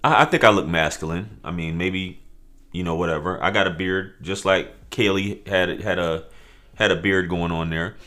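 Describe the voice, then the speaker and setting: A man's voice: deep voice, fairly even intonation, normal speed, pushed and bright. A man hosting a reaction commentary, talking casually with a sarcastic, mock-earnest tone and lots of rhetorical questions. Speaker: commentary host.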